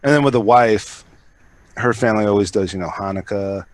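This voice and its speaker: A man's voice: lowish voice, fairly quick, no room sound. A man hosting a podcast in loose, rambling chat. He swears freely and piles on fillers as he talks. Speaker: podcast host. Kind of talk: casual chat.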